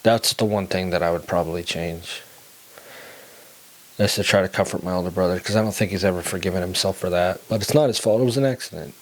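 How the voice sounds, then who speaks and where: A young adult man telling a personal story in a casual way. He laughs between lines and turns low and quiet in the somber parts. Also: fast talker.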